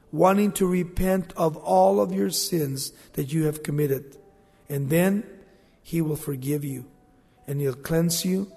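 A man's voice: high-pitched, a little mellow, husky. Earnest preacher man in echoing hall. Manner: earnest, pleading. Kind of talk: evangelistic altar call. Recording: long hall reverb.

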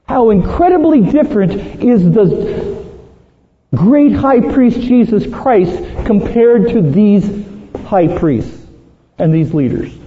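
High-voiced preacher in an echoey hall. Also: male voice, lively intonation, takes it slowly, slight background noise. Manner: earnest, emphatic, dramatizes Bible quotes. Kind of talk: sermon. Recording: tinny phone-like sound in an echoey hall.

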